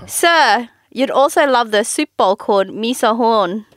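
A woman co-hosting a podcast in casual chat, quick and indignant. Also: a little high, lively intonation, a bit bright. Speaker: podcast co-host.

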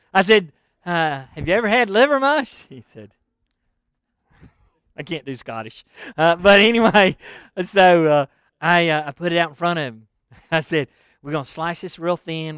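A man's voice: fairly high pitch, clean tone, no echo, studio quality. A middle-aged man preaching a sermon, telling folksy stories and laughing often as he goes. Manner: folksy, animated storytelling with laughs.

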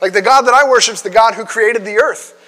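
A man's voice: high voice, fast, pushed and bright, voice pushed up. A man acting out a flustered, defensive young male prophet who stammers and hurries. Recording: long hall reverb.

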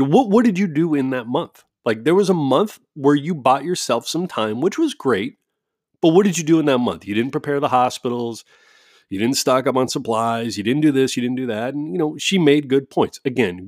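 A man rants casually at home, cursing freely and turning sarcastic. His pitch leaps around with lively swings, and the sound is dry and close with no room echo. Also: normal speed. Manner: animated, profane, sarcastic, frequent laughs. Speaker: parent with kids at home. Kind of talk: casual ranting monologue.

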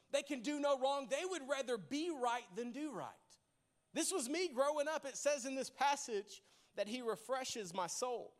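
A young man preaches in church with a strikingly high-pitched voice. He tells playful stories, laughs easily, and keeps turning to the congregation to draw them in. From Arkansas. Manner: lively, humorous, laughs often, addresses congregation directly. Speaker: pastor. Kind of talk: sermon with storytelling.

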